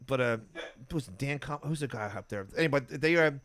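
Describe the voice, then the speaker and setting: A man's voice: medium pitch, lively intonation, brisk, fairly bright tone. A man telling rambling comic anecdotes on a podcast, often breaking into laughter. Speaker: podcast guest. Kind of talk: casual storytelling chat.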